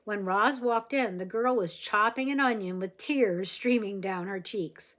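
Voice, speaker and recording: A woman reading a children's novel aloud, expressive and gentle, with small slips here and there. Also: medium pitch, unhurried, few pauses. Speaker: reader.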